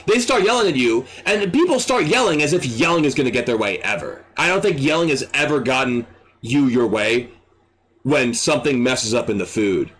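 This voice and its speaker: A man streaming, ranting in an exasperated, animated way and swearing freely. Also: medium pitch, moderate pace. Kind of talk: ranting commentary.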